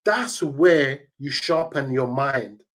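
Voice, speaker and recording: A man's voice: mid-range voice, expressive, takes it slowly, fairly bright tone. A man, a tournament organizer telling emphatic, slang-heavy stories as an interview guest. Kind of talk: casual interview storytelling.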